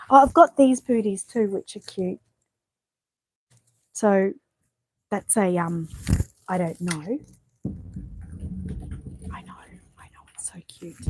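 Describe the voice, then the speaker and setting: An Australian woman chatting casually at home as she shows off outfits, rambling and often dropping to a hushed voice. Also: medium pitch, husky. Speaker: vlogger showing reborn dolls. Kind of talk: casual show-and-tell chat. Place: home bedroom.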